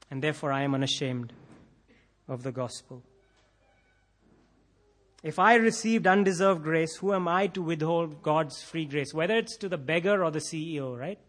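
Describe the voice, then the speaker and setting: A male preacher with a fairly high voice delivers a sermon. He builds to intense, impassioned emphasis and repeats phrases to drive them home. Now and then he acts out imagined prayers in a quoted voice. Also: fairly bright tone. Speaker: pastor.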